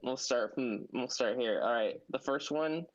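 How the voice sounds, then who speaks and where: A man's voice: medium pitch, a little slow, highs cut off. A man co-hosting a casual podcast, rambling and restarting his sentences. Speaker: podcast co-host. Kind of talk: casual chat.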